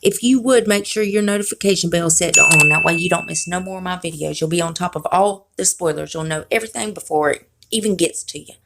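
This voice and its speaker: A woman's voice: on the low side, fast talker, vocal fry, few pauses, background noise. A woman from South Carolina with a Southern accent, chatting casually to her viewers in a folksy, playfully sassy way. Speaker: beauty YouTuber. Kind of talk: casual vlog chat.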